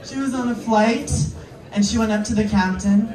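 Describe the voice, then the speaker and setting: A queer performer does a playful, chatty stand-up set, riffing with a live audience that laughs and claps. The mid-range, slightly mellow voice moves at normal speed and is picked up from afar by a mic in a roomy venue with crowd noise.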